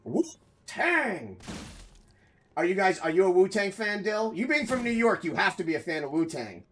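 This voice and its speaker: An excitable man chats with his viewers while streaming a game from home. His voice sits high and swings widely, and he swears freely and bursts into loud outcries. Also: quick pace. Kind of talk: casual live-stream chat.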